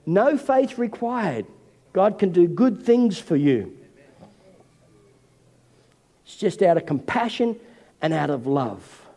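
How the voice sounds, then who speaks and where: A man, senior pastor, preaching a sermon in an animated way and acting out the voices of figures from scripture. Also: sits high, slow, long pauses. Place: church hall. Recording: long hall reverb.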